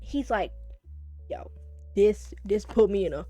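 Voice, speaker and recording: A woman recapping a romance manga on her channel, casual and profane, gushing and swinging between loud and soft. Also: mid-range voice, expressive, unhurried, dry recording. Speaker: manga reviewer.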